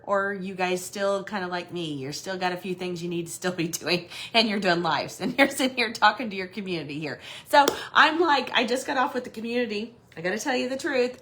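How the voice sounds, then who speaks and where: A middle-aged woman hosting a home decor livestream from her office, chatting casually and telling stories with laughs. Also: mid-range voice. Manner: chatty, animated storytelling with laughs. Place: her office in a shed building.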